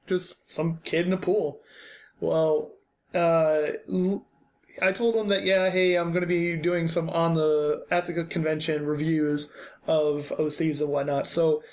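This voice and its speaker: A man's voice: on the high side, flat delivery, measured pace, darkish tone. Blunt casual male podcast host. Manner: blunt, casual, with many fillers and restarts. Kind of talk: unscripted critique chat.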